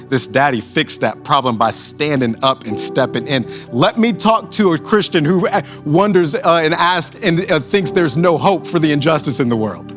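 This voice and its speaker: A young man preaching a sermon, telling a funny story with casual asides, then building to a rousing close. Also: mid-range voice.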